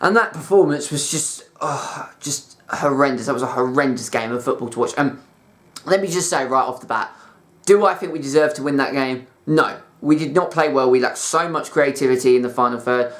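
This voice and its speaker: Fuming football fan ranting. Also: male voice, medium pitch, a little fast, a bit bright. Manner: fuming, exasperated, repetitive "like" and "you know". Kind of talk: angry ranting commentary.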